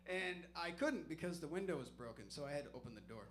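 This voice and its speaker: A man's voice: fairly high pitch, very animated, fast, few pauses, a bit bright. A man doing stand-up comedy, telling a story in a loose, profane, self-mocking way on a comedy club stage.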